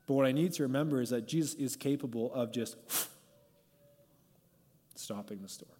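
A man's voice: medium pitch, moderate pace, mellow. A male pastor giving an informal, conversational sermon and leading a prayer, talking loosely and often saying "like". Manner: conversational, peppered with "like", going off script. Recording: long hall reverb.

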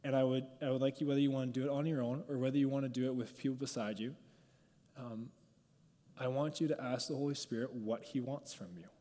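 A man preaching in a relaxed, chatty way, drifting off his notes and filling his sentences with "like". His voice sits at an ordinary middle pitch, and it carries a long reverb from the hall around him. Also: fast talker. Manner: conversational, peppered with "like", going off script. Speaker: pastor. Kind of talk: informal sermon and prayer.

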